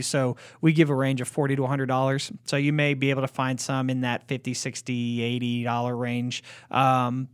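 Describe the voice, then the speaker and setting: A man's voice: mid-range voice, clean tone, no echo, studio quality. A man hosting a sports card podcast, talking steadily and informatively with many short affirmations. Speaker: podcast host. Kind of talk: casual chat and card price rundown.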